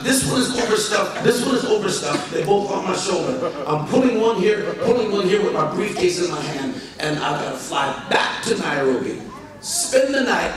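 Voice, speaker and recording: An American man preaching a sermon, telling a comic story animatedly and acting out dialogue. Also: sits high. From United States. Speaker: pastor. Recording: echoey hall from far off with crowd.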